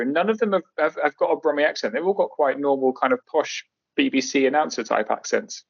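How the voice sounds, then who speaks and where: A middle-aged man trades sardonic jokes and rambling anecdotes in a casual podcast chat. His voice sits a little high. The sound is dull and lo-fi, like an online call. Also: fast, gravelly. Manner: sardonic, jokey storyteller. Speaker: podcast guest.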